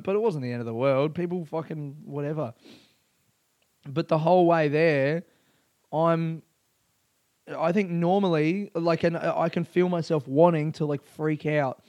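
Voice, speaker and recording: A man's voice: a little high, moderate pace, darkish tone, no echo. Rambling self-deprecating man. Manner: frequent restarts and laughs. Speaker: comedian. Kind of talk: casual monologue.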